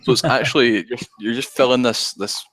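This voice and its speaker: A Scottish man chatting on an online call from his flat, blunt and swearing freely. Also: mid-range voice, fairly quick, no echo. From Scotland. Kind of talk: casual group chat. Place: city-centre flat.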